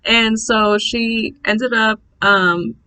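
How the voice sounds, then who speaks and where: A young woman telling a birth story in a casual, blunt, animated vlog, swearing freely. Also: on the high side, extremely slow, smooth, low-quality recording.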